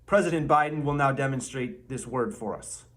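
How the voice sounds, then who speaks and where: A man's voice: medium pitch, normal speed. A man narrating a comedy video as a mock teacher, drawing out his examples. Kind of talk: mock lesson.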